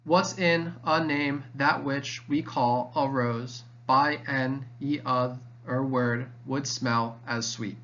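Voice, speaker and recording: A young male teacher explains a lesson in a loose, casual way, dropping "um" and "like" as he goes. His voice sits a little high for a man. The recording is a bit dull and lo-fi. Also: a bit bright. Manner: casual, filler-heavy explaining with frequent "um" and "like".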